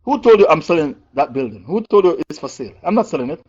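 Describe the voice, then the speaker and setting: A deluded man flatly insists, again and again, that something belongs to him, as a preacher acts him out. He keeps repeating himself in a firm, lower voice. The recording is dull and lo-fi. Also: fast talker, slightly rough. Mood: insistent. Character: deluded adult man insisting a tower is his.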